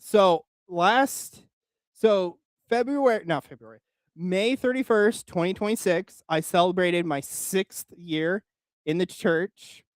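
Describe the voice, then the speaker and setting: A man's voice: sits high, takes it slowly, no echo. A man hosting his channel in casual chat, rambling and joking with frequent laughs. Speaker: channel host.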